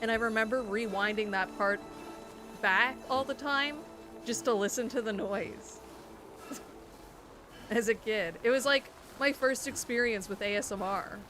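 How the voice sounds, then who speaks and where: Slightly high and slightly slow, this twenty-something woman's voice is a bit bright, with long pauses and soft background music over noisy game audio. Streaming a game, she chats nostalgically and drifts off into musings.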